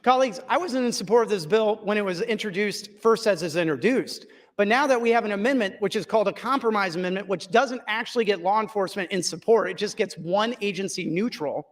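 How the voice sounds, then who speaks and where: A man's voice: high-pitched, fast talker, few pauses. A man losing his voice, giving a firm, lawyerly floor speech in a legislative chamber and repeating his key points. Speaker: state senator in floor debate.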